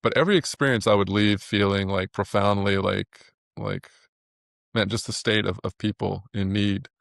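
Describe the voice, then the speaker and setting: Male interview guest, gravelly low voice, sincere and halting delivery. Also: fairly even intonation, a bit bright, no room sound, studio quality. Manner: earnest, halting with many restarts. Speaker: guest, animator. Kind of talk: reflective interview talk.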